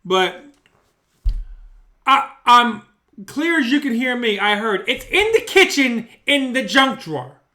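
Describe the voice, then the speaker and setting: This storyteller vlogger has a very high-pitched, sharp voice and speaks slowly, pausing often but staying very animated. He rambles and swears his way through a casual tale, recorded on a studio mic in his bedroom.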